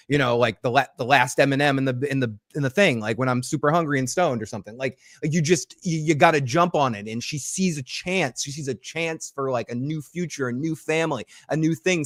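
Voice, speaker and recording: A man's voice: medium pitch, fairly bright tone, no echo, studio quality. A man co-hosting a live stream in casual chat, rambling and swearing freely, with lots of fillers. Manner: rambling, profane, many fillers.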